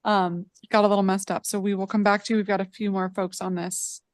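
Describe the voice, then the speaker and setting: A woman's voice: mid-range voice, flat delivery, brisk, no echo. A woman chairing a public hearing, politely calling up witnesses in turn.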